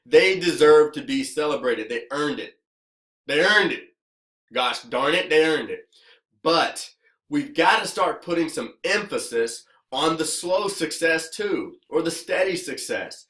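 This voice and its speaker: Man, business coach, bright forceful voice, punchy motivational talk, roomy echo. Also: fairly high pitch. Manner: energetic, repetitive, keeps asking "okay?". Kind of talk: motivational video talk to camera.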